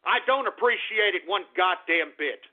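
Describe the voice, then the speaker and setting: A man's voice: high-pitched, expressive, moderate pace. A man hosting a talk radio show, delivering an angry, profane, sarcastic monologue and often repeating himself. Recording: tinny phone-like radio audio.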